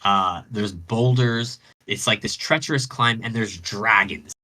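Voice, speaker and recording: A man's voice: lowish voice, unhurried, bright, forceful tone, recorded from a distance. A man voicing a despairing young mortal woman who talks in whiny, defeated sighs. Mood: distraught.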